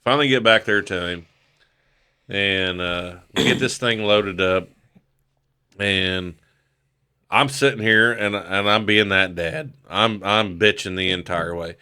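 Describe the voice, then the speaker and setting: A man's voice: deep voice, measured pace, clean tone. A middle-aged man telling a story casually on a podcast, swearing freely and acting out the voices of the people in it. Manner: profane, animated, acts out quoted voices. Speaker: podcast guest.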